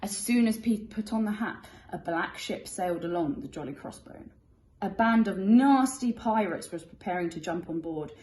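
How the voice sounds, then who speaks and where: A woman teacher reading a picture book aloud, expressive and lively, in an echoey room. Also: medium pitch, normal speed. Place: classroom or school room.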